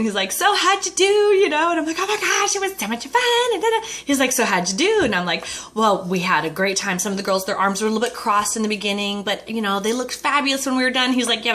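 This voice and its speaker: A woman's voice: mid-range voice, fairly bright tone. A woman consultant telling her personal story, acting out the voices of the people in it. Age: adult with a husband, dating herself. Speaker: Mary Kay consultant. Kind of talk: personal story told to an audience.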